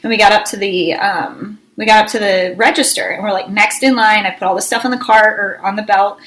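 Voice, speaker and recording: A woman co-hosting a casual podcast, telling a story with lively energy and bursts of shouting when she acts out scolding her kids. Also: medium pitch, brisk, low-quality recording. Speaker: podcast co-host.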